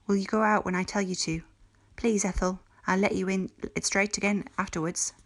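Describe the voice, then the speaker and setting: A woman's voice: mid-range voice, fairly even intonation, moderate pace, voice pushed up, lightly acted. A woman voicing an anxious, clumsy young schoolgirl witch who speaks hesitantly and pleadingly. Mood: coaxing.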